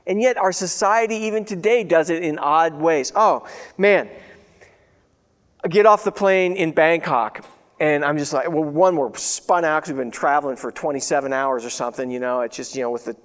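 Earnest pastor in a reverberant hall. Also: male voice, on the high side, moderate pace. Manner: conversational, earnest, repeats himself, swings between loud and hushed. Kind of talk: sermon.

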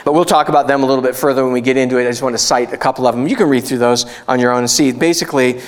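A middle-aged man preaching a casual, conversational sermon as a pastor, animated and jumping into excited voices when he quotes people. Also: mid-range voice, racing.

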